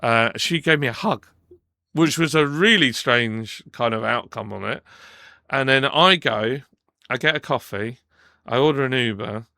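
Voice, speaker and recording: Gravelly, bright-voiced man telling stories. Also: medium pitch, unhurried, dry recording, clean studio sound. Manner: animated storyteller, acts out quoted dialogue, frequent restarts. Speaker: podcast co-host. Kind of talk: casual storytelling chat. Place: podcast studio.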